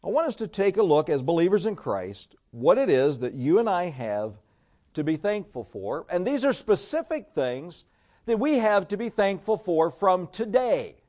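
Higher-voiced pastor preaching casually. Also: male voice, big pitch swings, moderate pace, a little mellow. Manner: conversational preaching, repeats phrases, asks the congregation to join in. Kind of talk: sermon.

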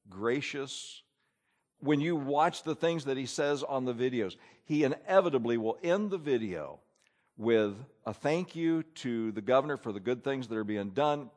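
A man preaching a sermon from an outline, acting out grumbling asides with lively energy. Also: medium pitch. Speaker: pastor.

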